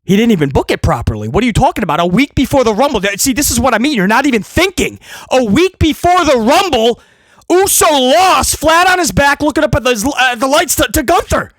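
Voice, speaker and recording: A man rants heatedly about wrestling, sarcastic and often shouting. His voice is very high and bright, and it leaps all over the place. The sound is close and dry. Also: sing-song, fairly quick, dry recording. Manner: ranting, sarcastic, shouting at times. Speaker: wrestling commentator. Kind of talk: heated opinion rant.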